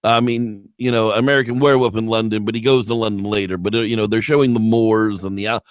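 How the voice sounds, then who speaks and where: A man's voice: fairly low pitch, fast, clean tone, no echo, clean studio sound. A man co-hosting a movie review show in casual, rambling chat, swearing freely and launching into impressions. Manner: lively, rambling, swearing, jumping into voices.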